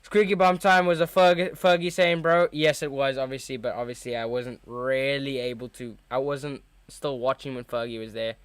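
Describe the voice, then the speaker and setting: A young man hosting a live football watchalong, reacting to the match with chatty, excitable fan commentary. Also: medium pitch, moderate pace, hardly any pauses, clear, resonant tone, dry recording.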